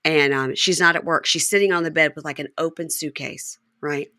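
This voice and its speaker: A woman hosting a podcast, chatting casually as she recaps a reality show and acts out the cast's lines in quick voices. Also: sits low, fairly even intonation, bright, forceful tone, no room sound, studio quality. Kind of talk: casual chat.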